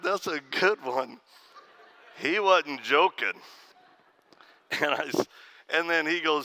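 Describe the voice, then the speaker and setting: Bright-voiced man telling folksy stage stories. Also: fairly high pitch, animated, a little slow. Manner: folksy storyteller, acts out quoted voices, laughs at own stories. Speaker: pastor. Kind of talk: humorous speech to a conference crowd. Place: conference stage.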